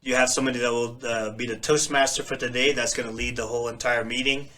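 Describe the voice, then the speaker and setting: Man, slight Filipino accent, bright tone, animated storyteller, podcast co-host. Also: mid-range voice, quick pace. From Philippines. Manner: laughs often, animated storytelling. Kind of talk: casual podcast chat.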